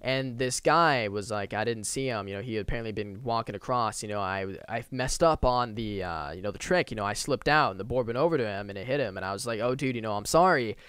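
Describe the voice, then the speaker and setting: A young man tells a story for his vlog at a quick clip. His voice is smooth and clear, and it sounds close and dry with no room around it. He talks in an animated, conversational way. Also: on the low side, no echo. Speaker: YouTuber.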